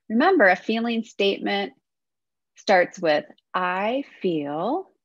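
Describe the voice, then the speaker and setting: A woman teacher giving a gentle, encouraging lesson to children. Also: medium pitch, dry recording. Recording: dull, dry sound.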